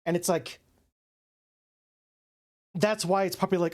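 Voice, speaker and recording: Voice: mid-range voice, fairly even intonation, measured pace. A streamer reading a visual novel aloud, chatting casually, swearing freely and yawning between lines.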